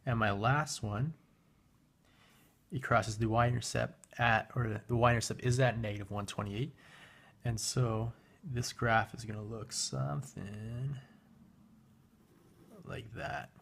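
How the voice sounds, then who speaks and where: A man with a mid-range voice and vocal fry speaks slowly, leaving long pauses. He's teaching a recorded math lesson while working a graphing calculator, relaxed, using fillers and correcting himself as he goes.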